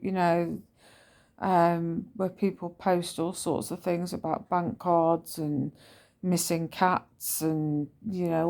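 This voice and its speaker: Woman rambling through a story on her vlog, slow and soft-toned. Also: fairly low pitch, vocal fry. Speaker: vlogger.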